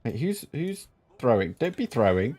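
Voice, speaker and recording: A man streaming a strategy game, chatting with viewers between sudden excited outbursts. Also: medium pitch, moderate pace, husky. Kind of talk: live gameplay commentary.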